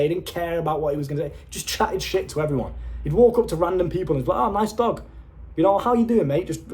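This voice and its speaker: Blunt, excitable young man. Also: on the high side. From United Kingdom. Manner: blunt, swearing, excitable storytelling. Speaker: self-improvement coach. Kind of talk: casual motivational monologue.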